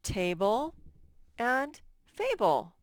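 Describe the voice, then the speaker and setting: Slow, patient woman teaching phonics. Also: a little high, sing-song, no room sound, clean studio sound. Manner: slow, patient, drawn-out word by word. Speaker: first grade teacher. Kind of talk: recorded phonics lesson.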